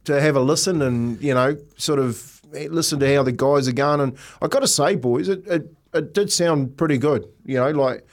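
A man's voice: a little high, normal speed, hardly any pauses. A middle-aged man from New Zealand, a podcast co-host telling stories in casual chat, rambling with many restarts.

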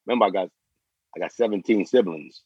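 Husky man in his forties, street talk. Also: low-pitched, fast, darkish tone, no room sound, muffled recording. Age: 40s. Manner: profane street slang, repeats and restarts phrases. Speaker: guest. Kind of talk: casual interview storytelling.

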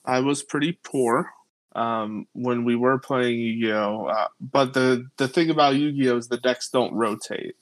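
Slow-talking man on a podcast. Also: medium pitch, no room sound, poor audio. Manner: unhurried, hesitant with many fillers. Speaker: podcast guest. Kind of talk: casual podcast chat.

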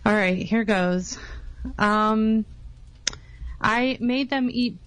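A woman's voice: fairly high pitch, extremely slow, clear, resonant tone, no echo, rough recording. Playful woman podcast guest. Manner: playful, confessional storyteller. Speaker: news correspondent guest. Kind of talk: casual live chat.

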